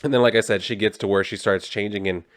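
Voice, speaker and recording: A man's voice: fairly low pitch, fairly even intonation, quick pace. Casual, swearing man reviewing comics.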